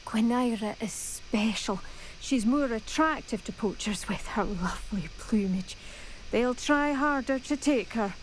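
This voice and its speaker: A woman with a soft Scottish accent voicing a gentle woman in a video game who dotes on a rare bird. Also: on the high side, measured pace, a little hiss or hum, natural voice, poor audio. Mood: earnest. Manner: soft, doting, earnest. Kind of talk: game character dialogue.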